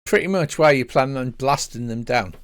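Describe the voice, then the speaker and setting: A man's voice: mid-range voice, fairly quick. Older man running a tabletop game. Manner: hesitant with many fillers. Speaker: game master.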